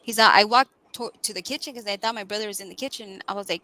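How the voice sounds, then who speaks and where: A woman's voice: mid-range voice, rapid-fire, rough recording. A woman chatting casually on a live stream, telling a story with lots of "like" and "right?". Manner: animated storyteller, fillers like "right?" and "like". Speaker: guest co-host.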